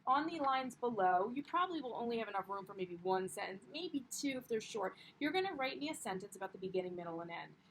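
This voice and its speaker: A woman's voice: medium pitch, expressive, quick pace, few pauses, slight background noise, rough recording. A young woman teaching a primary class, upbeat and encouraging, with frequent ums as she explains the lesson. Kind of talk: classroom read-aloud lesson.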